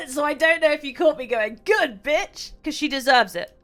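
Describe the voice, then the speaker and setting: A woman's voice: sits high, normal speed, a bit bright, soft background music. A woman streaming a game, reading its text aloud and reacting with mock indignation.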